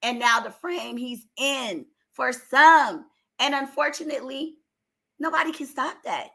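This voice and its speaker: In a high-pitched, sharp voice touched with vocal fry, an older commentary vlogger keeps a measured pace. She airs her opinions emphatically and with exasperation, her strained voice climbing into outbursts.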